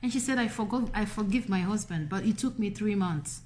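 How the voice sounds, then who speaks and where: A woman's voice: medium pitch, fairly quick, darkish tone. Woman retelling a story, moralizing. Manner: moralizing, emphatic, repeats phrases. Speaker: vlogger. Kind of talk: retelling a friend's story to camera.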